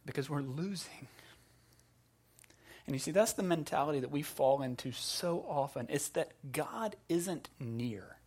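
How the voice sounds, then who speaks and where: A male pastor preaching a sermon to a congregation, telling stories in a casual, animated way with asides. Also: a little high, moderate pace, hardly any pauses, slightly rough. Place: church in front of a congregation.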